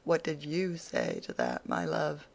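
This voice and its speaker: An audiobook reader playing a gentle, meek little father who answers mildly and soothingly. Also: medium pitch, huge pitch swings, a little slow, vocal fry, exaggerated voice. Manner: mild, soothing and agreeable.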